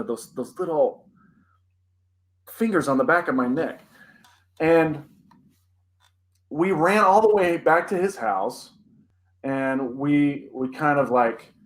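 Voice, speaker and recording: A young man co-hosting a podcast, telling a personal spooky story in an animated, dramatic way with many "like" fillers. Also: mid-range voice, poor audio. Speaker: podcast co-host.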